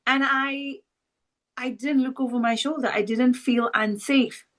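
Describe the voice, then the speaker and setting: A woman's voice: sits high, fairly even intonation, unhurried, a bit bright. A South African woman co-hosting a podcast, speaking earnestly and with feeling. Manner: earnest, heartfelt, emotional. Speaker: podcast co-host. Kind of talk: casual chat.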